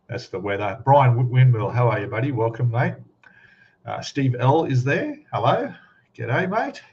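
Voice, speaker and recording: A man hosting a casual live stream, chatting and greeting viewers one by one by name. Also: mid-range voice. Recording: slightly dull lo-fi sound.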